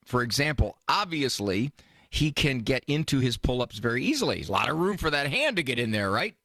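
A man's voice: mid-range voice, big pitch swings, a little fast, creaky, sharp tone, no room sound, studio quality. A man hosting a radio call-in advice show, joking and teasing his caller. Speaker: radio host, advice doctor.

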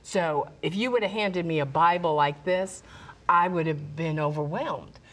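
Woman co-host, low voice, husky, emphatic and direct. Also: measured pace, fairly bright tone. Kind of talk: conversational talk show.

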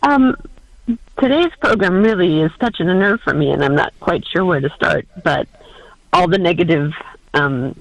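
A woman calling in to a radio advice show, hesitant and halting, with many pauses and ums. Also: lowish voice, animated, dry recording, rough recording. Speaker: caller.

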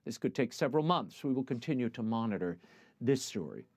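A man hosting a broadcast program, reading the news and interviewing a guest in a measured newsreader manner. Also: mid-range voice, animated, a little mellow, slightly rough, dry recording. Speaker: TV host.

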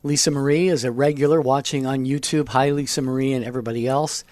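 A man's voice: medium pitch, steady tone, quick pace, a little mellow, dry recording. A man co-hosting a call-in radio show, easygoing and chuckling as he reads listener messages and announcements.

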